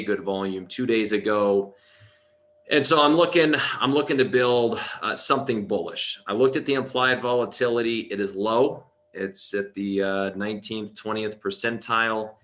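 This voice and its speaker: A man's voice: lowish voice, normal speed, sharp tone. A man, a trading coach, confidently walking through a trade step by step. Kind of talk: casual trading chat.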